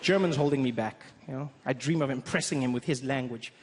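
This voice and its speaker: A man in his thirties with a South African accent, doing a playful stand-up set on a theater stage. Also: mid-range voice. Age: 30s. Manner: animated, quick, playful storytelling. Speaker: stand-up comedian. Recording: echoey theater with crowd noise.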